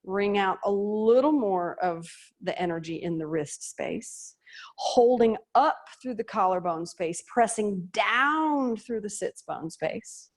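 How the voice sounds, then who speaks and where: Yoga teacher, woman, unhurried delivery, guides chair poses on a video call, playful asides between cues. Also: mid-range voice, expressive. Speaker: yoga instructor.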